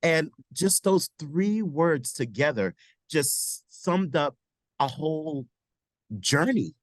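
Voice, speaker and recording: A man's voice: a little high, animated, slow pace, no room sound, rough recording. Man, teacher in a webinar, reflective, dry close sound. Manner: thoughtful, searching for words. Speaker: teacher participant. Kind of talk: reflective discussion remarks.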